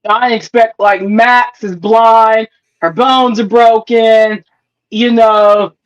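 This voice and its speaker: A woman's voice: a little high, fairly even intonation, slow pace, highs cut off. A woman co-hosting a TV review in casual chat, emphatic and swearing a lot, acting out her reactions. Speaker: co-host of a TV review show.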